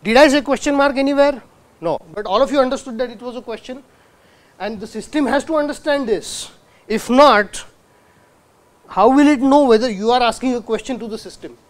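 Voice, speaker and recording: A man lectures in a hall. He keeps asking the audience questions he then answers himself. He sounds out words slowly to demonstrate them. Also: extremely high pitch. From India. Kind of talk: university lecture.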